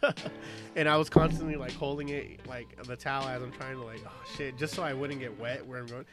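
A man's voice: mid-range voice, fairly even intonation, brisk, music in the background. A man from Southern California telling rambling, profane stories with a lot of laughing in a casual chat.

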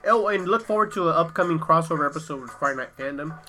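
A man's voice: on the high side, animated, fast. A man hosting a casual podcast, laid-back and loose, swearing and laughing often with his guests. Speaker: podcast host.

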